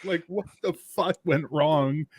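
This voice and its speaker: A man's voice: on the high side, slow. A man in his fifties, the host, telling a story in casual, profane chat. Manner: swearing, storytelling, laughing. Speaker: game master hosting a chat show.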